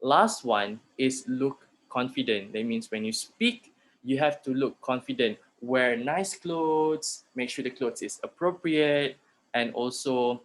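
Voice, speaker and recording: Malaysian guy teaching an online class, mid pitch, mixing english and malay, talking students through examples. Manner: mixes English and Malay, explains with spoken examples. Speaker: lecturer. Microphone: computer mic in an online class.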